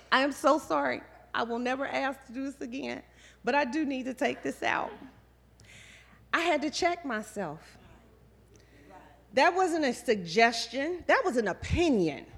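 A woman's voice: fairly high pitch, lively intonation, unhurried, long pauses, a bit bright. A woman giving a sermon, preaching conversationally with storytelling and quoted asides. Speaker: guest speaker.

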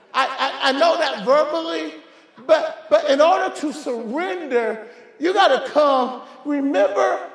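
High-voiced shouting preacher man. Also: gravelly. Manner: fervent, shouting, stammered repeats. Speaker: pastor. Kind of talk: sermon. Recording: echoey church hall.

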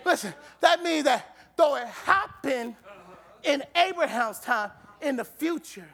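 A man preaching a sermon in a church, shouting and drawing the congregation into call-and-response. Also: extremely high pitch, expressive, measured pace.

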